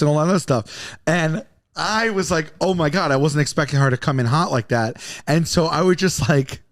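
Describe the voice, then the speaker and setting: A man telling a long comic story on a podcast, rambling and animated, often stumbling over his words. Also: fairly high pitch, normal speed, no echo, studio quality. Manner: rambling, animated, self-interrupting.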